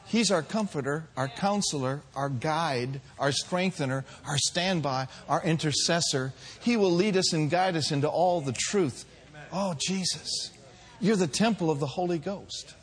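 A man preaching a sermon as pastor, swinging from soft, drawn-out lines to loud, shouted calls. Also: on the high side, slightly rough.

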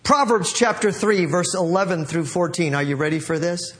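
Emphatic high-voiced preacher man. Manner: emphatic, slows down and rises when reading scripture aloud; repeats and restarts phrases, calls on the congregation to respond. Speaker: pastor. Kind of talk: sermon.

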